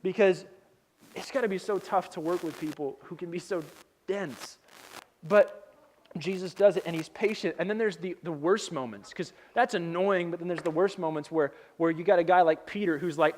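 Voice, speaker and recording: A man's voice: sits high, normal speed. A male pastor giving a sermon, telling stories in a casual, humorous way with slang.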